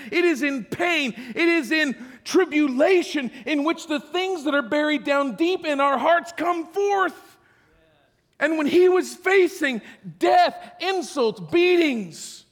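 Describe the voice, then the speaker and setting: A man preaching a sermon as pastor, swinging between loud cries and hushed whispers in short repeated phrases. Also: very high-pitched. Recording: long hall reverb.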